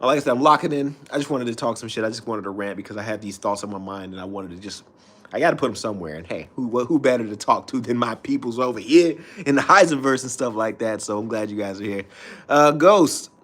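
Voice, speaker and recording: A man's voice: medium pitch, fast talker, a bit bright. Guy ranting on his stream, cussing, rambling and restarting lines. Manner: profane, rambling, restarts often. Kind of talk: casual rant.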